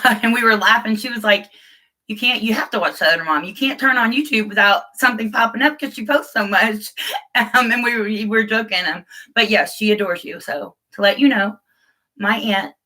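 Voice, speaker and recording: A woman's voice: mid-range voice, sharp tone. A woman chatting casually on a live stream, rambling and laughing, greeting viewers by name.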